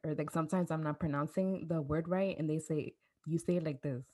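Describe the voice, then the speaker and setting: A woman co-hosting a podcast, chatting in a relaxed, supportive way. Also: low-pitched, brisk. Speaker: podcast co-host. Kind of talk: casual chat.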